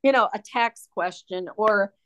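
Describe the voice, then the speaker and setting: A woman's voice: mid-range voice, unhurried, a bit bright, lo-fi sound. Middle-aged woman from Michigan, interview guest; frank, blunt, a touch sardonic, mid-range voice. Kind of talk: candid conversational storytelling.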